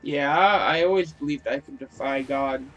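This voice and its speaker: A man's voice: a little high, moderate pace, a bit bright, lo-fi sound, faint music behind. A man giving casual, joking commentary over a video game, mocking himself and swearing freely. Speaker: gaming video creator.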